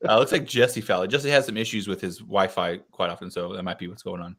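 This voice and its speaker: A man's voice: deep voice, fairly quick, fairly bright tone. A man hosting a casual livestream book chat, laid-back and self-deprecating, laughing often. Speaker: podcast host.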